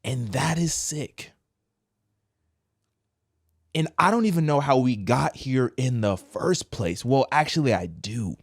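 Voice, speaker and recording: A man hosting a casual opinion commentary, talking slangy and direct, swinging between loud outbursts and quiet low asides. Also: lively intonation, takes it slowly, long pauses, slightly rough, no echo, clean studio sound. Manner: casual slangy address, says bro. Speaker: commentary host.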